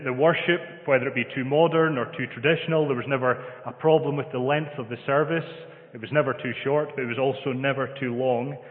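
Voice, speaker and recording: A Scottish man preaching a sermon and reading scripture in a measured, gently humorous way. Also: medium pitch. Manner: measured, gentle humour, reads scripture aloud. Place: church hall. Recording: phone-like sound in a long-reverb hall.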